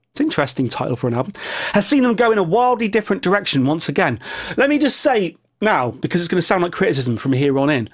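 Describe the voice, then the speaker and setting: Male vlogger, rambling and jokey, fairly high pitch, casual asides. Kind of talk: casual opinion vlog commentary.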